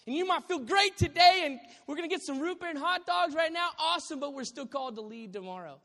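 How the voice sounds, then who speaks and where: Guy pastor preaching, kinda high voice, jokey and animated, long echo from a big church hall. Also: quick pace. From Southern California. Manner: animated, joking preacher with sudden loud bursts. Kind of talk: sermon. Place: church sanctuary.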